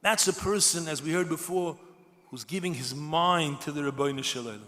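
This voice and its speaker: A man giving a sermon to a large gathering as a rabbi, impassioned and building to shouted cries. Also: fairly high pitch, normal speed. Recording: long hall reverb.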